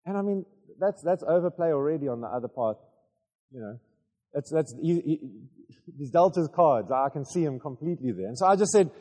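A male preacher telling a story in a sermon, animated and halting, with many restarts. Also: fairly high pitch, in a large hall.

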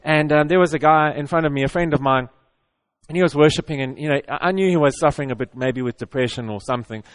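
A man's voice: on the high side, quick pace. A middle-aged man preaching in a conversational, earnest way, often repeating and restarting words. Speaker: pastor. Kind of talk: conversational sermon.

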